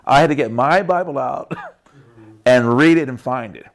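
Man, preacher, casual sermon, gravelly voice, laughs often, mid pitch. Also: moderate pace. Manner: chatty, laughs often, tag questions.

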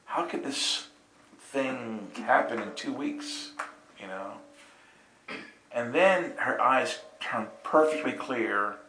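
In casual conversation, a man recounts a personal experience, animatedly acting out the voices of the people involved, laughing often and checking in with "right?". His mid-range voice moves slowly. The recording has a roomy echo and a noisy background.

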